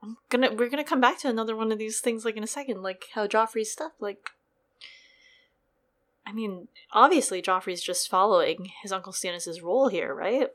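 Young female co-host, animated casual chatter, frequent laughs, playful pitch leaps. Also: fairly quick. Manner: animated, laughs often, pitch jumps when joking. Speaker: podcast co-host. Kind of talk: casual chat.

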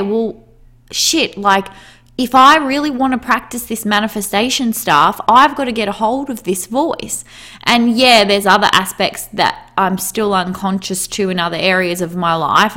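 A woman's voice: medium pitch, a bit bright. A woman, talking candidly in a casual personal monologue, full of "like", easy laughs and casual swearing.

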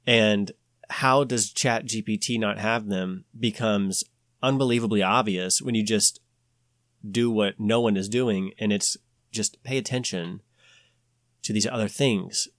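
Male podcast host, low voice, dry sound; chatty, restless, restarts his sentences. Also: a little slow, no room sound. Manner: rambling, animated, many restarts and "like" fillers. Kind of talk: casual podcast chat.

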